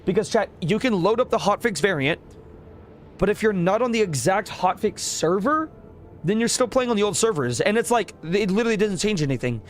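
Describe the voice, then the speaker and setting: A man's voice: high voice, expressive, fairly quick, soft background music. A young man chatting casually with viewers while streaming a game. He rambles in slang, swears often and laughs a lot.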